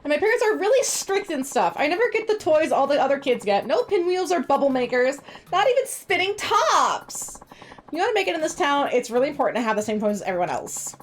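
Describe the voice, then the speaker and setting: A woman's voice: high-pitched, very animated, fairly quick, a little hiss or hum. A woman voicing a whiny young boy who sulks about not having the same toys as the other kids. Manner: whiny, pleading.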